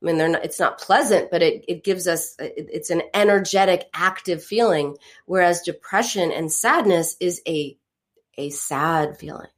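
A woman's voice: fairly low pitch, moderate pace. A middle-aged woman therapist talking through feelings in a counseling conversation, explaining with stories and acting out the voices she quotes.

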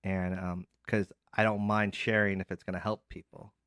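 A man in his forties co-hosts a casual podcast, speaking in a quiet, hesitant, laid-back way. His voice sits a little low. The sound is dry and close to the mic. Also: flat delivery, moderate pace, clear, resonant tone, dry recording. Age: 40s. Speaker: podcast co-host.

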